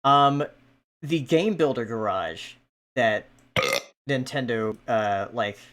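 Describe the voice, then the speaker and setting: A man's voice: mid-range voice, takes it slowly, fairly bright tone. Hesitant man hosting a podcast. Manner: hesitant, many ums and restarts. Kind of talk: casual podcast chat.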